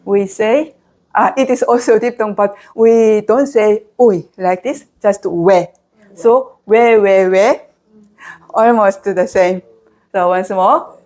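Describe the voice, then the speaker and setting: A woman with a Korean accent leads a pronunciation lesson at a very unhurried pace. She drills each syllable again and again so learners can repeat it after her. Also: mid-range voice, darkish tone. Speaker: Korean language teacher. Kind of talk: slow, patient pronunciation lesson.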